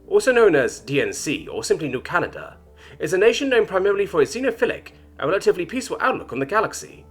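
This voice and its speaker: A man narrating a science fiction story in an expressive, scripted reading. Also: a little high, fast, soft background music.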